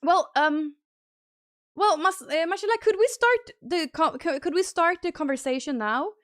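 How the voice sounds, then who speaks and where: High-voiced woman streamer chatting casually. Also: normal speed, no room sound, clean studio sound. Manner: chatty, thinks aloud while fiddling with stream settings; bursts into high excited thanks for gifted subs. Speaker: livestream host. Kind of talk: casual live-stream chat.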